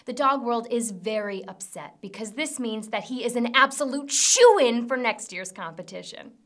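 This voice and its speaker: A woman rattles through a comedy news roundup in a fairly high, lively voice that rises and falls a lot. Her delivery is dry and sarcastic, with blunt punchlines dropped between headlines. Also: moderate pace.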